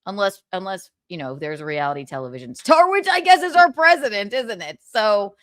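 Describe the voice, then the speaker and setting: A woman's voice: mid-range voice, very animated, brisk, fairly bright tone, no echo, studio quality. A young woman hosting a livestream, chatting casually, reading viewer comments and laughing often. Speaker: livestream host.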